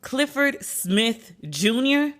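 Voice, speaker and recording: A woman hosting a podcast, giving blunt, profane, animated commentary in a casual tone. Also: sits high, very slow. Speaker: podcast host.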